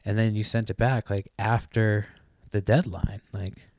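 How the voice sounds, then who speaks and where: A man's voice: lowish voice, steady tone, unhurried, a little mellow, no room sound, clean studio sound. A young man hosting a podcast, telling a long story in a loose, rambling way, swearing freely and trailing off with "like" and "blah, blah". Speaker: podcast host.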